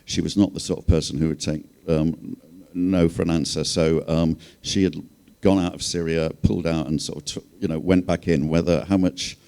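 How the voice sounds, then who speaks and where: A man with a notably deep, low-pitched voice talks on a panel stage. He tells his stories in a wry, rambling way, padded with fillers and asides. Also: fairly even intonation, normal speed, creaky, dark tone. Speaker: journalist and panel speaker. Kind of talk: panel talk, storytelling.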